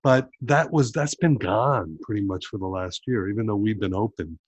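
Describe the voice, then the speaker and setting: A man's voice: on the low side, normal speed, slightly rough, no echo, highs cut off. A man interviewing an author, speaking in a reflective, thoughtful way. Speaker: interviewer and bookshop owner. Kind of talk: conversational interview.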